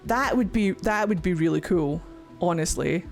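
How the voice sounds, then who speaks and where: A woman's voice: on the low side, normal speed, faint music behind. A Scottish woman chatting casually on a livestream, talking freely and swearing often. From Scotland. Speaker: streamer.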